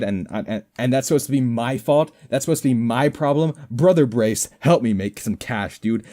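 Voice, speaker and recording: Goofy young man narrating gameplay, lively pitch. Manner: goofy, mock-formal, rambling jokes. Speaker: gaming commentator. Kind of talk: casual gameplay commentary.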